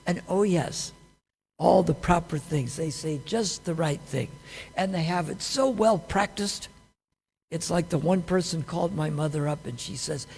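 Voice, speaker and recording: A man's voice: fairly high pitch, unhurried, creaky, pauses often, a little mellow, slight background noise. A man giving a scripture class, teaching conversationally with many rhetorical questions. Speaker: class speaker. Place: temple hall. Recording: long hall reverb.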